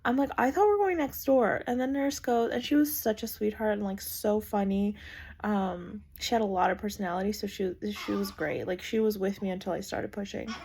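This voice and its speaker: This young woman's medium-pitched voice is a little fast, with vocal fry, a darkish tone and a breathy edge. A vlogger, she chats through her birth story with plenty of "like" fillers and acts out the voices she quotes.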